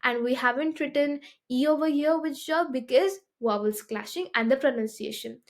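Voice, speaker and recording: A woman with a slightly high voice gives a beginner French lesson at a normal speed. She walks through it step by step, often checking in with listeners by asking "okay?".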